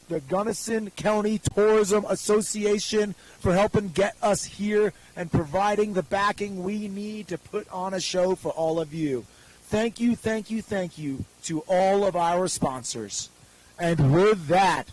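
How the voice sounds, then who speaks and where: An upbeat male announcer calling a live freeride ski contest with quick, joking play-by-play. His voice sits high for a man. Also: a little mellow, low-quality recording. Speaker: event announcer.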